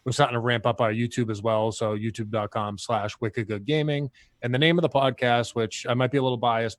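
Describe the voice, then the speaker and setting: A man's voice: medium pitch, dry recording. A man appearing as a guest on a podcast, talking about his own gaming show in a laid-back, casual way. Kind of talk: casual chat.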